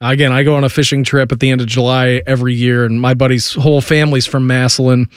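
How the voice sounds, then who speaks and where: A man's voice: mid-range voice, level tone, fast, clean tone, no room sound, clean studio sound. A man hosting sports radio, telling stories in a casual, chatty way and laughing often.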